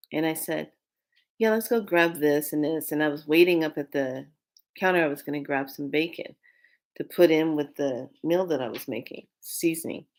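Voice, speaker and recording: A woman with a notably low speaking voice shares a dream in a loose, conversational spiritual vlog. She circles back on her words, restarting and repeating phrases, and presses her points with earnest emphasis. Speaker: spiritual vlogger. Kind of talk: casual spiritual storytelling.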